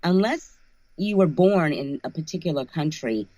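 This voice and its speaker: A woman's voice: low-pitched, animated, normal speed, mellow, no room sound, dull audio. A woman who narrates audiobooks, talking casually in an interview, thoughtful and often restarting her phrases.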